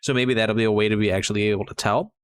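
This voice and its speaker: A man's voice: lowish voice, steady tone, rapid-fire, slight background noise. A young man who is sick, giving casual, rambling commentary on a mobile game card, enthusiastic and full of fillers and restarts. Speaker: mobile game content creator.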